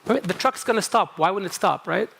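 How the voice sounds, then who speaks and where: A man's voice: sits high, animated, fairly quick, creaky, fairly bright tone, husky. A middle-aged man from Kuwait with a slight New England tinge to his English, giving a conversational talk at a conference and often checking in with the audience. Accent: American-tinged English from New England camp. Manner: conversational, asks the audience "okay?" often, self-interrupting. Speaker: speaker introducing a panel. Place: conference hall.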